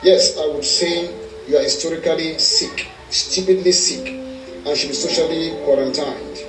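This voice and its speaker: A man's voice: a little high, steady tone, moderate pace, fairly bright tone. A man with a Nigerian accent giving an emphatic, defiant political speech that keeps repeating its declarations. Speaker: political commentator. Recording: roomy echo, distant mic, faint music.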